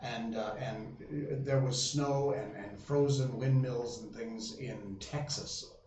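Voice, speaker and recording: A man's voice: medium pitch, fairly even intonation, slow pace, a little mellow. Guy rambling to his stream chat, lots of ums, sounds kinda far off in a roomy space. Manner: rambling, lots of fillers and restarts. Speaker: live stream host. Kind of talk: casual chat with viewers. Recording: roomy sound, voice from a distance, faint hum.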